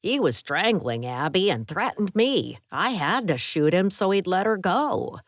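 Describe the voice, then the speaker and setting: A woman's voice: fairly low pitch, big pitch swings, unhurried, no room sound, studio quality, pitched above the performer's own voice. A woman reading a modest older man. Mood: firm.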